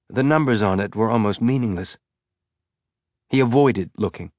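A man's voice: on the low side, no room sound, studio quality. Man narrating a tense audiobook. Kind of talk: scripted narration.

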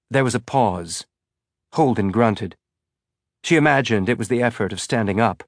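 A man's voice: medium pitch, normal speed, pauses often, dry recording. Dry, close male audiobook narrator.

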